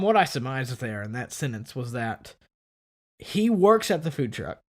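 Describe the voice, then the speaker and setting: A man co-hosting a podcast, telling a story in casual chat and acting out the people in it. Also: unhurried. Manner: animated, acts out quoted people with big pitch jumps. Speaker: podcast co-host.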